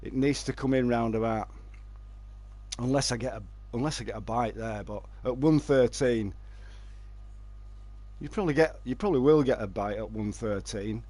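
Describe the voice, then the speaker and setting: A man's voice: medium pitch, moderate pace, long pauses, darkish tone. A man streaming a fishing game live, chatting and joking with his viewers and answering their messages.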